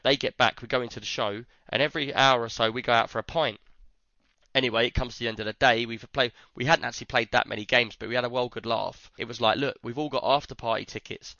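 A man's voice: mid-range voice, quick pace, no echo, lo-fi sound. A man, chatting casually on a podcast and acting out the lines of people in his stories. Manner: animated storyteller, acts out others' lines. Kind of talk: casual chat.

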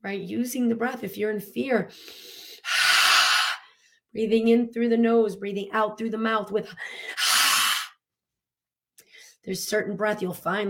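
A woman speaking as a coach in a casual teaching talk about emotions. She is animated and earnest, laughing often, using many fillers, and breathing and sighing audibly to demonstrate. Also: medium pitch.

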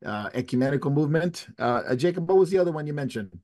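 A man's voice: a little high, animated, quick pace, a little mellow. Man hosting a church-affairs chat. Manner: conversational, many restarts and fillers. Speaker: host. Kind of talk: casual chat. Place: Latin America.

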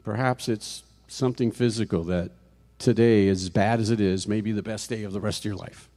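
A man's voice: on the low side, fairly even intonation, brisk, darkish tone. A middle-aged man preaching a conversational sermon as a guest speaker in a church, with frequent restarts and rhetorical questions to the congregation. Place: church sanctuary.

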